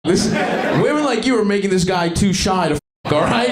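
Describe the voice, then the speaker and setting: A man's voice: high voice, animated, a little fast. A man doing stand-up crowd work in a comedy club, brash and teasing, laughing often. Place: comedy club before a live audience. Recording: roomy live club sound with loud crowd.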